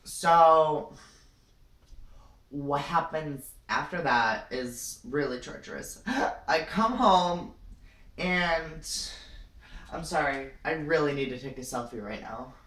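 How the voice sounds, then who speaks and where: Slow, rambling young woman in a roomy room. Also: deep voice, animated, a bit bright. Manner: rambling, dramatic, full of "like" and "you know". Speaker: vlogger. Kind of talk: improvised comic story time. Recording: roomy, distant from the mic.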